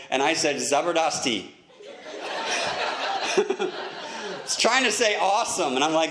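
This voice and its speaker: A man telling self-mocking stories in a stand-up comedy set, chatty with quick asides. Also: a little high, lively intonation, a bit bright, reverberant. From United States.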